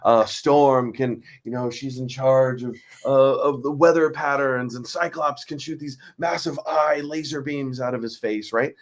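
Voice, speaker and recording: A man's voice: mid-range voice, fairly even intonation, measured pace, hardly any pauses. Rambling American man in casual chat. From Western Pennsylvania, United States. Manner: rambling, hesitant, uses lots of fillers. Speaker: co-host friend. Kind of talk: casual conversation.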